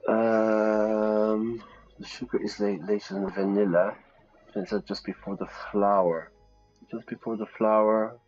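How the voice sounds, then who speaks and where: A man teaching English on a live stream, in a lowish voice, talking through a puzzle and explaining words in a lively way. The sound is a little dull, with faint background music. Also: slow pace. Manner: lively, explains aloud, thinks out loud. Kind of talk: live-stream lesson while playing a game.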